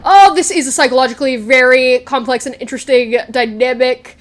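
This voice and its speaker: A young woman vlogger with a high, fairly quick voice chats casually while recapping a TV episode. She gushes and stays animated, slipping into quoted lines and doing the characters' voices.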